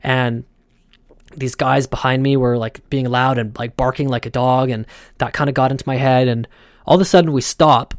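A male podcast host tells a travel story casually, with plenty of animation. His voice is mid-pitched, and the recording is close and dry. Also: moderate pace, no echo. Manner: animated, acts out his own thoughts.

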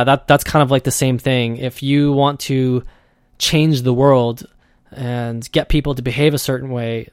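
Man, podcast host, relaxed solo monologue, mid-range voice, dead dry room. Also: mid-range voice, clear, resonant tone, dry recording. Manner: loose and conversational, acts out quoted voices.

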